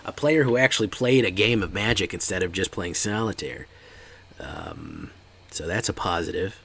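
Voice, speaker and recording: A man's voice: low-pitched, big pitch swings, moderate pace, gravelly, fairly bright tone, slightly rough. A man giving casual, chatty commentary while streaming a card game and talking to his live chat.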